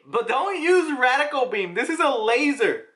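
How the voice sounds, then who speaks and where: Reviewing a manga chapter casually, a talkative man gets excited and laughs easily. He speaks in a bright, high voice that carries a sharp and forceful edge.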